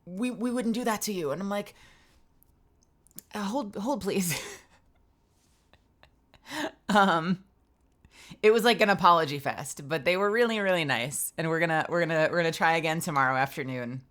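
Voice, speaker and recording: A woman voice actor streaming from her home booth, telling a story in an animated way and acting out both sides of the conversation. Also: lowish voice, normal speed, pauses often. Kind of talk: casual stream chat.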